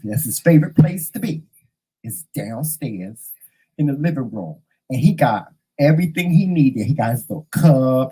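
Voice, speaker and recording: A man chats to camera in a lively, sassy storytelling manner, talking straight to his viewers. His voice is mellow and warm, with a husky, slightly rough edge, at a middling pitch. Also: poor audio. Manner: animated, sassy storytelling, addressing viewers directly. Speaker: vlog host. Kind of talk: casual chat to camera. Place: upstairs room at home.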